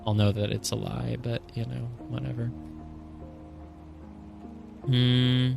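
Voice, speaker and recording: A man's voice: mid-range voice, little pitch movement, slow, gravelly, over music. A young man streaming a puzzle game, thinking aloud, counting squares and scolding himself over his mistakes. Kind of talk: casual live gameplay commentary.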